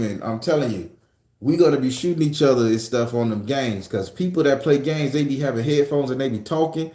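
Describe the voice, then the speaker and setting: A man chats on a livestream from a room at home, swearing freely and joking as he reads out viewer comments. His voice is mellow and warm, and the room adds a noticeable echo. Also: medium pitch. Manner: loose, profane, joking storytelling. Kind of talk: casual livestream chat.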